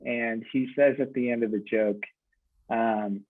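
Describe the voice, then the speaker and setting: A man telling frank, darkly comic personal stories in a halting way, with many fillers. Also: mid-range voice, steady tone. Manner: halting, lots of fillers, switches from frank to joking. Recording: tinny phone-line radio audio.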